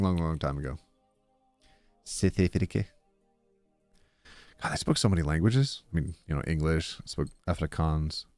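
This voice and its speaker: Lively, chatty male streamer. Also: medium pitch, dry recording. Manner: chatty, reacts to chat with sudden loud jumps. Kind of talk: live stream, reading posts aloud with commentary.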